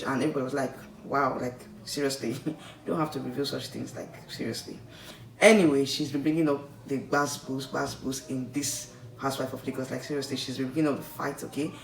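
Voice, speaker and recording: A man with a Nigerian accent, vlogging casual commentary in a rambling, chatty way that keeps checking in with the listener. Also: a little high. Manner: chatty, rambling, keeps tagging "okay?" and "like, seriously". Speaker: vlogger reviewing a reality show. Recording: echoey room, distant mic, faint noise.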